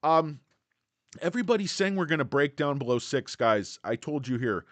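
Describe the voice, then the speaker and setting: A man hosts a casual stock livestream, bluntly making points and joking with chat viewers in between, greeting them in a brash, jokey way. His voice is a little high and expressive, at normal speed with no room sound.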